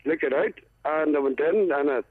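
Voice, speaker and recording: A man with a Northern Irish accent calling in to a radio show, telling a long joke in a halting, deadpan way. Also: fairly high pitch, husky, no room sound. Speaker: phone-in caller. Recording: tinny phone line.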